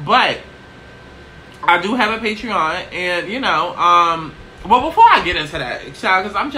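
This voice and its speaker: A woman chatting casually in a get-ready-with-me vlog, brash and profane, tossing in "okay?" constantly while seated low in a small chair. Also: lively intonation, unhurried, pushed and bright, slight background noise, poor audio. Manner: brash, profane, sassy, keeps asking "okay?". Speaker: YouTuber.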